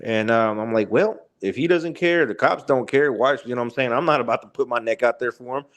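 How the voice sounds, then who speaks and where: A man's voice: medium pitch, brisk, fairly bright tone. Rambling man telling a story. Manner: rambling, many fillers and restarts. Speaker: podcast guest, truck driver. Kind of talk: casual storytelling.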